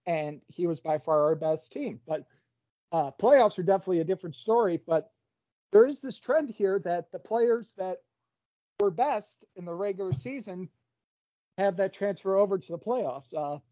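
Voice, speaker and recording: A man's voice: high voice, lively intonation, moderate pace, mellow, dry recording. Rambling man on a dull dry call line. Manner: rambling, restarts phrases. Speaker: podcast guest. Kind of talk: casual sports chat.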